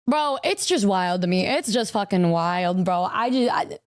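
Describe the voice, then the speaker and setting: A woman's voice: medium pitch, expressive, measured pace. A woman streamer reacting to a clip, stammering, incredulous and casually profane. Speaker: VTuber streamer.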